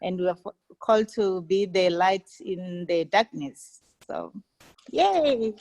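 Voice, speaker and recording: A South African woman in her forties with a South African accent, introducing herself on a video call in an unhurried way. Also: on the low side, darkish tone, no room sound, rough recording. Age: 40s. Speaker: forum participant.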